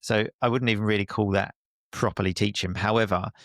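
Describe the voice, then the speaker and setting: A man from Essex with a softened Essex accent, chatting casually as a guest, laughing often and poking fun at himself. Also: fairly low pitch, fairly even intonation, brisk, no room sound, clean studio sound. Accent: Essex English, softened. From Essex, England. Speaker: guest, English teacher and podcaster. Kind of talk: casual conversation.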